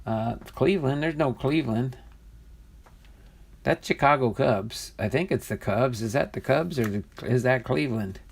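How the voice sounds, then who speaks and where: A man's voice: medium pitch, moderate pace, vocal fry, husky. A man casually hosting a live stream, chatty and easily amused as he reads viewer comments aloud. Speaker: livestream host opening trading card packs.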